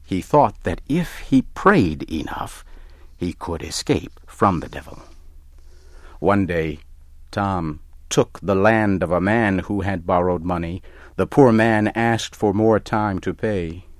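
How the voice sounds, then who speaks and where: Man reading a story real slow and careful, deep voice, dry close sound. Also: dry recording. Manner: slow, deliberate, plain simplified reading. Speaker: narrator. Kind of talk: scripted story narration.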